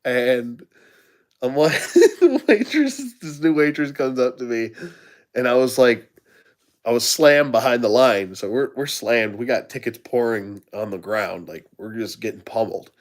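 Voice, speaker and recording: A man's voice: medium pitch, expressive, unhurried. A middle-aged man, a channel host, telling restaurant stories in casual chat, laughing often and acting out the voices of the people in them.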